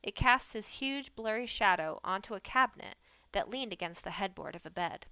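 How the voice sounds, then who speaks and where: A woman reading a novel aloud on a live stream, telling the story gently and unhurriedly. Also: mid-range voice, expressive, smooth, no room sound. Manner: gentle, unhurried storytelling, trying on the characters' lines. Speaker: book reader on a live stream.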